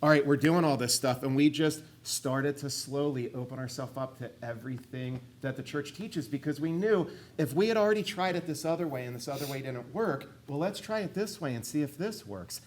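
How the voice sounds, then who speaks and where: A middle-aged man giving a personal faith testimony, animated in places and hushed and earnest in others. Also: a little high. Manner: animated, shifts between excited and hushed earnest tones.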